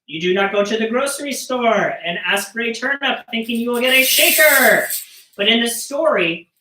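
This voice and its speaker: A playful woman talks to children through a computer as she teaches about storytelling with percussion. Her voice is bright and fairly high, and she jokes around with the kids. The sound is roomy, with the mic some distance away. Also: expressive, moderate pace. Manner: playful, jokey, talking to kids. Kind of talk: live-streamed teaching for children.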